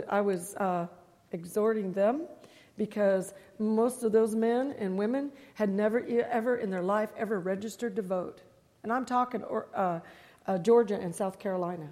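A woman's voice: mid-range voice, normal speed. A woman giving a sermon as a guest preacher, talking emphatically, repeating phrases and throwing rhetorical questions at her congregation. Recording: long hall reverb.

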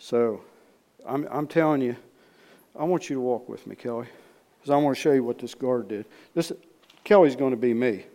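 A man preaching in a storytelling way, folksy and repetitive, swinging from loud re-enactment to hushed asides. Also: medium pitch, fairly quick. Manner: repeats words, folksy speech. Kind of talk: storytelling sermon.

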